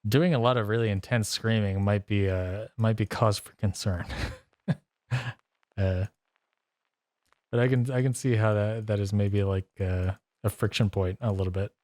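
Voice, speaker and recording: With a lowish, darkish voice, fairly even intonation and moderate pace, a man chats casually while playing guitar on a songwriting stream. His talk rambles and interrupts itself with frequent laughs, and the sound is a clean studio recording with no echo.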